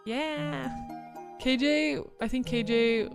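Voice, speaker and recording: A woman's voice: high voice, steady tone, slow pace, gravelly, music in the background. Bubbly woman streamer chatting with viewers. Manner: bubbly and chatty, reads chat aloud and thanks viewers. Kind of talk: casual livestream chat.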